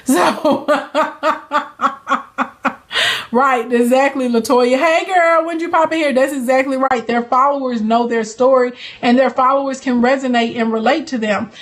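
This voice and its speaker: A young adult woman hosts a casual livestream from her phone, bantering sassily with viewers and laughing a lot. Her voice is high-pitched and unhurried, and she works as a livestream host and business coach.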